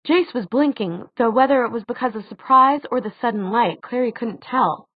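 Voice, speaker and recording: A woman reading a novel aloud as an audiobook narrator, steady and expressive. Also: a little high, moderate pace, hardly any pauses, slightly rough, no echo. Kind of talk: scripted narration. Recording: tinny phone-like dry sound.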